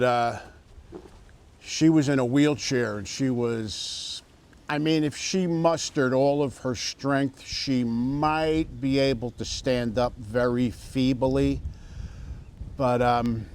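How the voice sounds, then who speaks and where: Slow, halting man telling a story. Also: mid-range voice, a little mellow. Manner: halting, many fillers and restarts, storytelling. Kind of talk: casual interview testimony.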